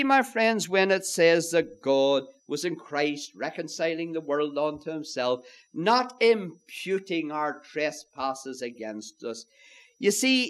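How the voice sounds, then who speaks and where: A man's voice: a little high, fairly bright tone. A man preaching a sermon, emphatic and earnest, often turning to his listeners as "my friends" and posing rhetorical questions.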